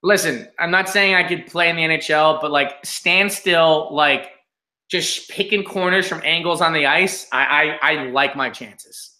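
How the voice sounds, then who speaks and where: A man co-hosting a casual hockey podcast, ranting in an animated way and often saying "like" and "listen". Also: fairly high pitch, a little slow, reverberant. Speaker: podcast co-host.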